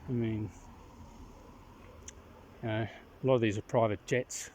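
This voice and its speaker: Rambling man talking outdoors, low voice. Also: fairly even intonation, a little slow, darkish tone, slight background noise. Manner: rambling, opinionated, clears throat often. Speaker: vlogger. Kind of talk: casual outdoor vlog monologue. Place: outdoors in the countryside.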